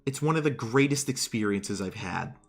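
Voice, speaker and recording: A man in his twenties streaming, giving casual commentary in an animated, exasperated rant with some swearing. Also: mid-range voice, moderate pace, gravelly, faint music behind. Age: 20s.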